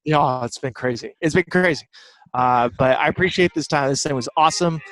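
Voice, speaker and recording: A man from Southern California, a baseball broadcaster and guest, telling animated stories in casual chat. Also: fairly high pitch, fairly quick. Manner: animated storytelling, fond of quoting others.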